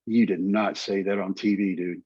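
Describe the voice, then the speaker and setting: A middle-aged man telling his story as an interview guest, lively and quoting others in voices. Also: low voice, normal speed, lo-fi sound, a crowd in the background. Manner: animated storyteller, quotes people in voices. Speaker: guest, former pitcher.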